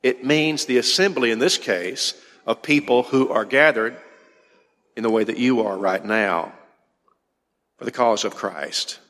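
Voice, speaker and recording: A man's voice: medium pitch, unhurried, pauses often, a bit bright, in a large hall. A man preaching a teaching sermon, explaining in a conversational way and putting questions to his congregation. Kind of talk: sermon lecture.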